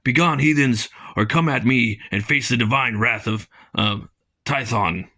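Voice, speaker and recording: A man's voice: medium pitch, unhurried, sharp tone. Man doing a pompous holy knight. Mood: haughty. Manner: grandiose, archaic speech.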